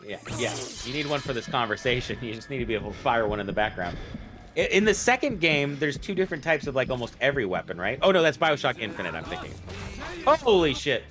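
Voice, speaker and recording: A man's voice: mid-range voice, big pitch swings, fast talker, sharp tone, faint music behind. Rambling, jokey man streaming a game. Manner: rambling, jokey, swears freely. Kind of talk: casual gaming livestream chat.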